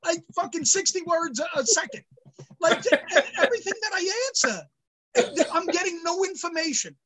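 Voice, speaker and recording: A high-pitched man tells a story in casual podcast chat. He swears often and shouts quotes in mock outrage. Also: lively intonation, normal speed, over a noisy crowd, rough recording. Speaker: podcast co-host.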